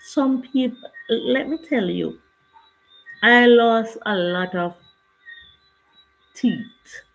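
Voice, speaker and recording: A woman's voice: on the high side, very slow, creaky, rough recording. An older woman, chatting casually on her livestream and greeting viewers by name. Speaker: livestream host.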